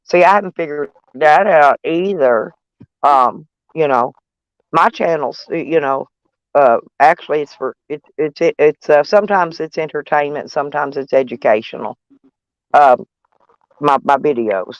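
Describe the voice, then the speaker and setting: A woman's voice: deep voice, normal speed, no room sound, muffled recording. A woman, chatting to her viewers from inside her van in a rambling, folksy and salty way. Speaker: vlogger. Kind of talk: casual rambling chat to viewers.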